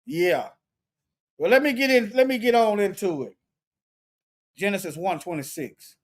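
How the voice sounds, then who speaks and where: High-voiced man slowly studying scripture. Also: animated. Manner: colloquial, repeats and restarts phrases while reading from a lexicon. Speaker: Bible study teacher. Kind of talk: informal scripture study, thinking aloud.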